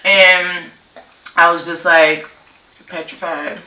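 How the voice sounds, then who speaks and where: Young female vlogger from California, laughing storyteller, slightly low voice in a roomy space. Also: level tone, takes it slowly, pushed and bright, distant mic. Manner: slangy, rambling, laughs often. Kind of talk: casual storytime chat. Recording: roomy, off-mic, faint noise.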